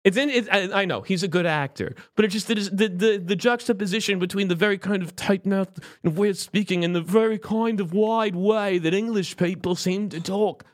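A man co-hosting a podcast in casual chat, rambling and animated, slipping into quick voice impressions. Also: sits high. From United States. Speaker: podcast co-host.

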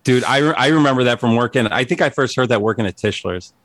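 A man's voice: mid-range voice, fast talker, a bit bright, no room sound. A man co-hosting a podcast in casual chat over a video call, joking and blunt. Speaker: podcast co-host.

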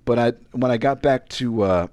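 A man's voice: medium pitch, moderate pace, darkish tone, dry recording. A man from Virginia telling a personal story in casual chat, rambling and self-deprecating, with frequent restarts. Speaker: podcast co-host.

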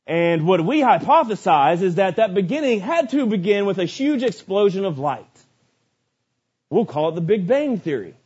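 A man preaching a sermon, dynamic, building to shouts on lists and dropping low for asides. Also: big pitch swings, normal speed, husky. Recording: dull lo-fi sermon recording.

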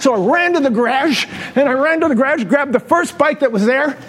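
A middle-aged pastor with a high voice tells a story from the pulpit, animated and laughing at his own mistakes. His voice carries a long reverb from a large church hall. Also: fast talker, few pauses. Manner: animated, self-mocking, laughing at himself. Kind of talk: storytelling sermon.

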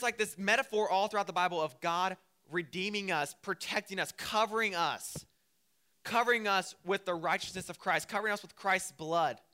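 Young man, casual sermon, animated storytelling, slightly high voice, smooth. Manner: animated storytelling, acting out quotes. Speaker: preacher.

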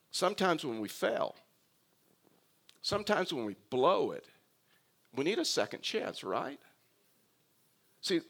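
Give me a man preaching a sermon, telling humorous stories in a slightly high voice. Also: fairly bright tone. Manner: humorous storytelling with frequent restarts. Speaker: pastor.

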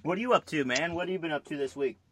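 A man's voice: on the high side, rapid-fire, a little hiss or hum. A man co-hosting a casual podcast, trading crude jokes and teasing banter over a beer. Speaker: podcast co-host.

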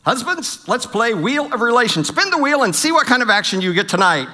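A man's voice: sits high, brisk, bright, forceful tone. A middle-aged man giving a humorous church talk on marriage, telling stories with self-deprecating jokes and acting out the quotes. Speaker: pastor.

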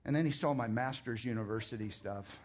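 A man's voice: medium pitch, fairly quick. A man preaching a sermon as pastor, emphatic and conversational, telling stories and joking with his congregation. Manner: animated storytelling, emphatic.

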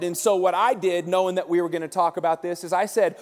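A pastor preaching to his congregation in a fairly high voice, animated and conversational. His words ring out with the long reverb of a big church hall. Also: quick pace, hardly any pauses. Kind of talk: sermon.

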